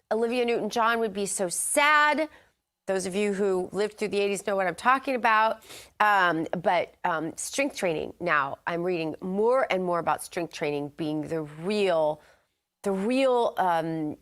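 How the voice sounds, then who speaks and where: A woman with a lowish but fairly bright voice co-hosts a morning news show from a studio. She chats casually and reads a health news segment in an upbeat, chatty way, laughing easily.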